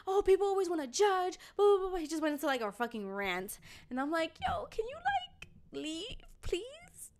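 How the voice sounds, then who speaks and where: A young woman hosting a podcast, telling a story in a lively, profane way and acting out the people in it. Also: a little high. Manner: animated, swears a lot, acts out the people in her story. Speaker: podcast host.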